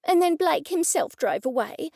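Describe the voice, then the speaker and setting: A high-strung woman friend talks breathlessly and dramatically, as a woman narrator puts her on. Her voice sits very high, and there is a gravelly grain in it. The sound is dry and close. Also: lively intonation, moderate pace, a little mellow, no echo. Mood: anxious.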